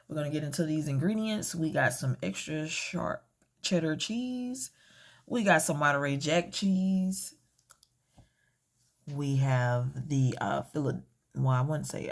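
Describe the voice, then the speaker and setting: A woman walks through a home cooking tutorial in an unhurried, drawn-out way. Her voice has a gravelly, creaky edge, and she hesitates often, filling gaps and correcting her own words. The talk stays casual and homey. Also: low-pitched. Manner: hesitant, self-correcting, many fillers. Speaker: home cook.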